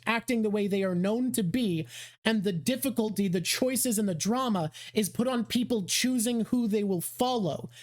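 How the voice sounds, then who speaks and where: A woman hosting a live stream with a stuffy nose, explaining her ideas quickly and enthusiastically. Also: mid-range voice, a little mellow. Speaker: host. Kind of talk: casual chat on a live stream.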